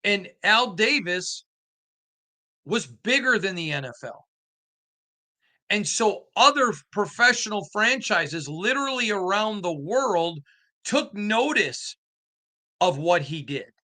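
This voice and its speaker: A man's voice: high-pitched, very animated, slow pace, long pauses, bright, forceful tone. A middle-aged man hosting a sports show, telling rambling stories and building to an impassioned opinion rant. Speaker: sports beat writer and show host. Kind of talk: opinion monologue to camera.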